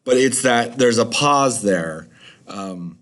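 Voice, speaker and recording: A man's voice: medium pitch, animated, slow, a bit bright. A man teaching a recorded video lesson, chatty and rambling with many fillers.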